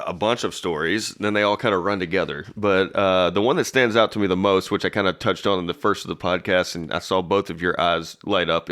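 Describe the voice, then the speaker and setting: A man co-hosting a casual podcast, spinning a childhood story. His voice sits very low, and his easygoing telling is broken up by chuckles. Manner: relaxed storyteller, laughs through his story. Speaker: podcast co-host.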